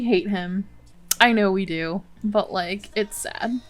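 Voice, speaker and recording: A woman's voice: mid-range voice, takes it slowly, a bit bright. Chatty woman narrating her gameplay. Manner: chatty, exclamatory, laughs often. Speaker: Let's Play host. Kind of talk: casual gameplay commentary.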